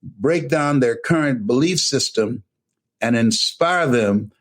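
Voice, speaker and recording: Older male motivational speaker, preacher-style, emphatic, pitch swinging widely. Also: lively intonation, takes it slowly. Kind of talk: energetic motivational talk. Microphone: camera in a room.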